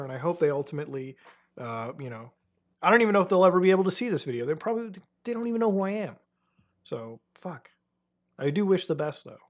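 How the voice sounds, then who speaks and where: Dude talking casually over stuff he's browsing, swears a lot, medium voice. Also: mid-range voice. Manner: casual and swearing, with slangy asides. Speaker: internet commentary host. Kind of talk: casual reaction commentary.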